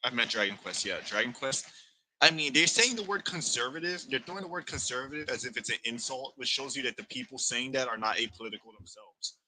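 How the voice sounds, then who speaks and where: Bright, sharp-voiced podcast host man. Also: mid-range voice, quick pace, slight background noise, poor audio. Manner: blunt and opinionated. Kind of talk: casual chat.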